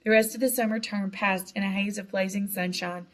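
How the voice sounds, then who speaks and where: A woman narrating a children's novel with a lively, expressive reading. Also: medium pitch, a little fast. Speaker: audiobook narrator. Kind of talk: storybook narration.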